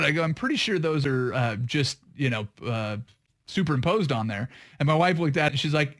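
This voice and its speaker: A man with a fairly high voice co-hosting sports talk radio. He chats loosely and teases his partner in a wry, dry way. He keeps an easy, bantering tone throughout. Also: fairly bright tone. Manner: wry, teasing, quick to laugh.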